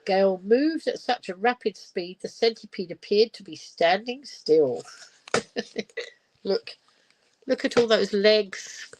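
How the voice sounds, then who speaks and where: A woman's voice: mid-range voice, expressive, slow, darkish tone, poor audio. An older woman, reading a children's picture book aloud on a live stream and breaking off for chatty asides. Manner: chatty asides, laughs often.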